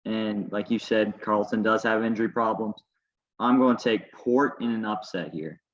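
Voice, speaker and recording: Male podcast co-host with a lowish voice, casual and teasing, recorded in an echoey room. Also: fairly even intonation, moderate pace, highs cut off. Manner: teasing, confident picks. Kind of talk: casual sports chat.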